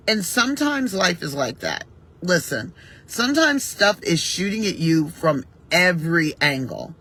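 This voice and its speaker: A woman's voice: on the low side, very animated, a little slow, husky. A woman giving a casual, reflective morning pep talk to her viewers, speaking conversationally and mentioning her faith now and then. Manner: warm, reflective, conversational, with gentle faith references. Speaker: vlogger giving morning encouragement.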